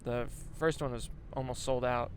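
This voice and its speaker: A man's voice: mid-range voice, steady tone, normal speed, a little hiss or hum. A young man, a stand-up comedian, chatting casually and rambling with self-deprecating jokes and swearing while he drives a van. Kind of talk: casual vlog chat while driving. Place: inside a moving van.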